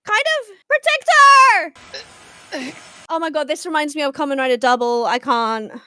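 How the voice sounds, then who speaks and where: A woman's voice: sits high, lively intonation, quick pace, fairly bright tone. A young woman reacting to a show in casual, emotional commentary, often gasping and laughing. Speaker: reaction video host.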